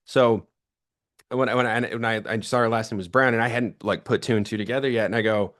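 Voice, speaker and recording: A man in his thirties giving a lively sales training talk, chatty and energetic, acting out quoted phone calls in his stories. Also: on the low side, fairly quick.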